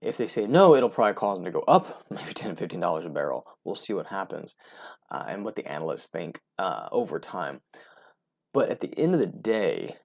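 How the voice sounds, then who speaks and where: A man's voice: deep voice, very animated, brisk, gravelly, darkish tone. An American man giving casual solo commentary on oil prices, talking loosely with many fillers, restarts and "right?" asides. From United States. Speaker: oil and gas investment commentator.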